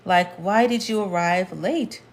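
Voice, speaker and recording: Low-voiced woman teaching a language lesson. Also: a little slow, a little hiss or hum. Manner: explains patiently, repeats points, talks to the viewer. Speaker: Spanish teacher.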